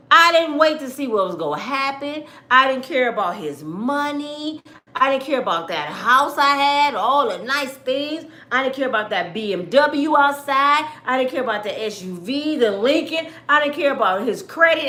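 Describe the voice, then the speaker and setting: Blunt, animated woman telling stories. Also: sits high, roomy sound. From Michigan. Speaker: livestream host. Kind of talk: casual storytelling to viewers.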